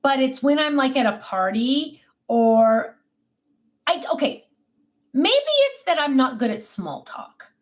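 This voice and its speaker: A woman's voice: high voice, big pitch swings, slow pace. A woman hosting a casual livestream from her desk, chatting about herself and answering viewers' comments in a self-mocking, chatty way. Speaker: livestream host. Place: home desk.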